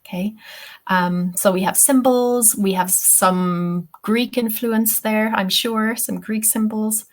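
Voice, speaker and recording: Slow, patient Irish woman teaching. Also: medium pitch, fairly even intonation. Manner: patient, explains step by step, checks in with "okay?". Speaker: TEFL teacher. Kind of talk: webinar lesson.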